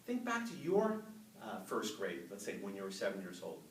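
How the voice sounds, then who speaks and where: Man in his 50s, animated storyteller at a speaking club, up-and-down pitch, recorded from afar in a roomy hall with faint hiss. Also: normal speed. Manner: animated, storytelling, laughs with the audience. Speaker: Toastmasters speaker. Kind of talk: public speech. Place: meeting room with a live audience. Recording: echoey room, mic from far off, faint noise.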